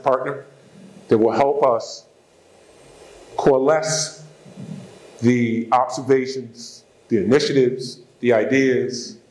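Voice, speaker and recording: Man, mid pitch, formal podium address, emphatic listing cadence, roomy hall sound. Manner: measured, emphatic speech with lists and repetition. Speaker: university president. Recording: echoey hall.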